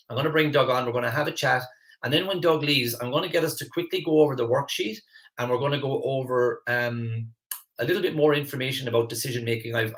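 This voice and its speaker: A man hosting a live online masterclass as a mentor, earnest and animated, often repeating words as he starts a phrase. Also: mid-range voice. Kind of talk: live online coaching class.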